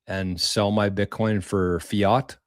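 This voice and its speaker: A man's voice: on the low side, little pitch movement, takes it slowly, dry recording, studio quality. A man hosting a casual live stream, thanking viewers for tips in a rambling way, repeating words and using mild slang. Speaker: livestream host reading viewer tips.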